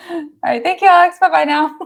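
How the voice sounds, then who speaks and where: A woman chatting casually on a podcast in a playful, teasing way. Her voice carries heavy vocal fry. She keeps pressing with questions. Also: high voice, brisk, noisy background. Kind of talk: casual chat.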